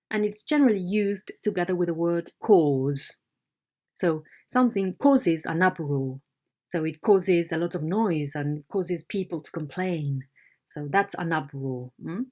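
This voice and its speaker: A woman's voice: on the low side, darkish tone. A woman English teacher in a recorded online lesson, explaining words patiently and checking in with her students.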